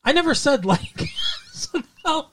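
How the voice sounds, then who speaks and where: A man's voice: very high-pitched, big pitch swings, measured pace, a bit bright, slight background noise. Rambling male podcast co-host. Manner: rambling, trails off and restarts mid-thought. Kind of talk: casual chat about a TV show.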